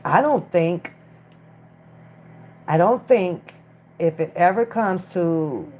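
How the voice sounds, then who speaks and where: Slow-talking woman streaming from her phone. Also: on the low side, expressive, mellow. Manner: chatty, talks straight to chat viewers. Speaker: livestream commentator. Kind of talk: casual live-stream commentary.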